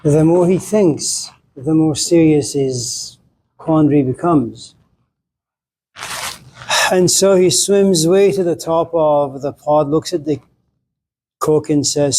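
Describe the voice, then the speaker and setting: A man giving a lecture, telling a story with wry, deadpan humor. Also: fairly high pitch, slow, long pauses, low-quality recording.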